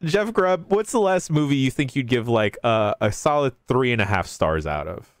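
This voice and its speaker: An easygoing man hosts a casual hangout and keeps the conversation moving with questions. His voice is smooth and clean, at a middling pitch. It is recorded close and dry. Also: lively intonation, normal speed, dry recording. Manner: easygoing, steering the chat with questions. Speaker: host. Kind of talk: casual hosting banter.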